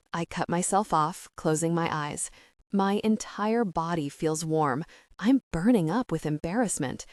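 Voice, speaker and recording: A woman narrating a first-person romance audiobook in a steady, even reading voice. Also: fairly low pitch, unhurried, no echo, clean studio sound.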